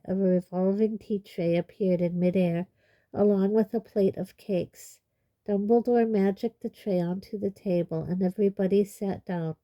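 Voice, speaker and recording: A woman narrating an audiobook in a steady storytelling manner. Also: medium pitch. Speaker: audiobook reader.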